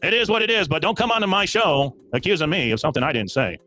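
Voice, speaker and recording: A livestream host with a slightly high, very animated voice talks at a quick pace and in a sharp tone. He's in a heated call-in argument, insistently and repetitively defending himself.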